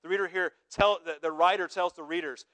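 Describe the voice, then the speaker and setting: High voiced guy pastor giving a sermon, chatty, keeps checking in w the crowd. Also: steady tone, a little fast, pushed and bright. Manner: conversational preaching, frequent tag questions.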